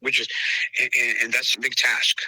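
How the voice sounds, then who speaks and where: A man's voice: medium pitch, little pitch movement, normal speed, pushed and bright, husky, no echo, rough recording. A man talking emphatically in a casual interview, repeating himself and calling the listener brother. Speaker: podcast host interviewed as dog trainer.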